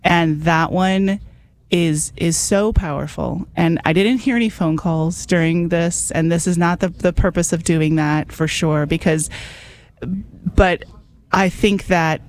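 A woman hosting a radio show, talking quickly and enthusiastically as she urges listeners to call in. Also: on the low side, darkish tone. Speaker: radio host. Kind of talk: fundraising radio talk.

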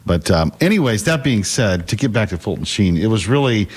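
A man's voice: fairly low pitch, very animated, brisk, breathy edge. A middle-aged man talking as a guest in an earnest, casual way, with occasional stammers and restarts. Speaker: guest, faith class teacher. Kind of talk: casual conversational storytelling.

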